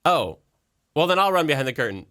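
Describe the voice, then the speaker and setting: A man playing a tabletop game, eager with quick suggestions. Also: fairly high pitch, big pitch swings, fairly bright tone. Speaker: player.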